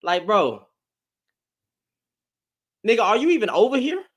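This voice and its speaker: Animated, ranting male commentator. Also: sits high, unhurried. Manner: heated, slangy, loud bursts and laughs. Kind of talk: casual reaction rant.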